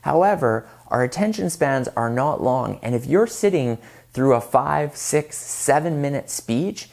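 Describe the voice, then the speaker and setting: A man giving public speaking tips straight to camera in an energetic, emphatic way, varying his volume for effect. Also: medium pitch, a little slow, gravelly.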